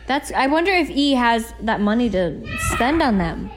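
A woman's voice: a little high, big pitch swings, moderate pace, a little hiss or hum. A woman co-hosting a podcast, chatting casually about celebrity news and reacting bluntly. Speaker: podcast co-host. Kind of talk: casual celebrity gossip chat.

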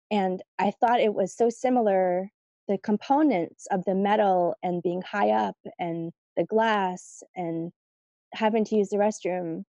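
A woman recounting a personal story as an interview guest, rambling loosely with plenty of "like" and "um". Her voice is mellow and soft-edged, recorded close and dry. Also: mid-range voice, measured pace, no room sound, lo-fi sound. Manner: chatty, lots of fillers, "like" and "you know".

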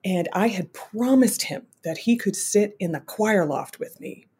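A woman who sings at church, telling a brisk story about her toddler with exasperated humor. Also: mid-range voice, animated, dark tone, breathy edge. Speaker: church singer and parent.

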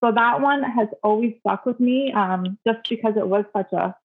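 A woman's voice: fairly high pitch, normal speed. A woman who owns a store, a guest on a podcast, speaking earnestly and reflectively, often starting sentences over. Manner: reflective, earnest, many restarts. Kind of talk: casual interview chat. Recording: phone-like line with faint noise.

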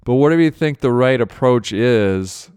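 A man's voice: mid-range voice, lively intonation, moderate pace, darkish tone, smooth, no echo, clean studio sound. A male host, a father, giving earnest spoken commentary with emotion in his voice, often repeating phrases. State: voice thick with emotion. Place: Austin, Texas.

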